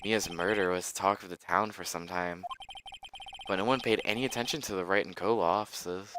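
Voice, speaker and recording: A man voicing an anxious young male defense lawyer, reading his lines in a low, wry mutter. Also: fairly even intonation, moderate pace, background noise, lightly acted. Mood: worried. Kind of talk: game dialogue read aloud.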